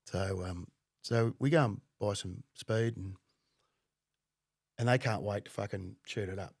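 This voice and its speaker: A man, a podcast guest telling a story in a casual, profane and animated way, often laughing. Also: lowish voice, measured pace, gravelly, no room sound, studio quality.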